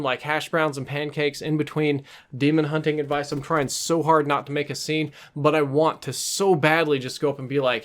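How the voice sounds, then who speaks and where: A man vlogging, telling a story in a casual, amused and animated way. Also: a little high. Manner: animated, amused, self-mocking.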